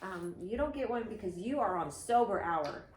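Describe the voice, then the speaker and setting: A woman co-hosting a casual chat, playful and quick to laugh. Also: mid-range voice, lively intonation, reverberant, far from the mic, a little hiss or hum. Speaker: podcast co-host.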